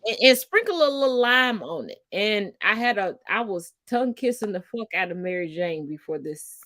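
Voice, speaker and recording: A woman in her forties co-hosting a live stream, brash and profane, teasing her co-host and swooping up loud when excited. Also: mid-range voice, normal speed. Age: 40s.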